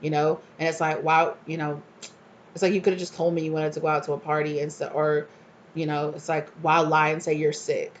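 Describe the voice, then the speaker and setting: A woman's voice: low voice, steady tone, a little fast, a little hiss or hum. A woman giving a casual tarot reading, chatting freely and acting out the people she describes in exasperated voices. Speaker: tarot reader.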